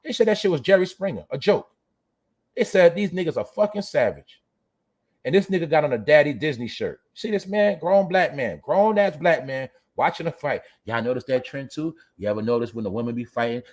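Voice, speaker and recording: A man's voice: mid-range voice, expressive, quick pace, darkish tone. A man hosting a livestream show, ranting bluntly and profanely at his viewers and reading the chat. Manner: profane, blunt, preachy, talks straight to viewers. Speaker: show host. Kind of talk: livestream commentary rant.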